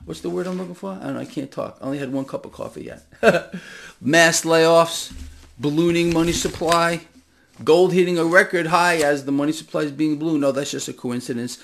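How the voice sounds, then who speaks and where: A man rants straight to camera in an impassioned vlog monologue. His voice is gravelly and a touch higher than most men's, and he lurches between loud bursts and low, hushed asides. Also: steady tone, fairly quick. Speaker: financial commentary vlogger. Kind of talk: direct-to-camera ranting monologue.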